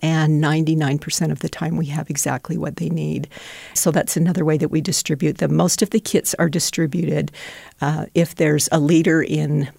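A middle-aged woman speaks with a gravelly, fry-tinged voice, sincere and devout as she recounts stories of the refugee families she serves. The sound is close and dry, with no room around it. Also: deep voice, little pitch movement, moderate pace, a little mellow, no room sound. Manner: heartfelt, tearful at moments, devout. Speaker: refugee donation center volunteer. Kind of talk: emotional interview storytelling.

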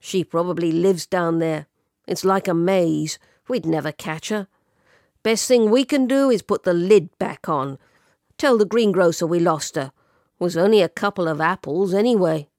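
Woman putting on a loud gruff policeman, bossy, dismissive, dry close sound. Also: lowish voice, normal speed, dry recording, natural voice. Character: gruff policeman, man, booming.

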